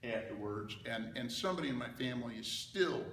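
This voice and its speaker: An older man speaks with a bright, gravelly voice, spinning an animated story for an audience. He is recorded from some distance in a large, echoing hall, with a long reverb tail and a faint hum of room noise underneath. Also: medium pitch, brisk. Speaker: speaker giving a talk. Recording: roomy hall, mic at a distance.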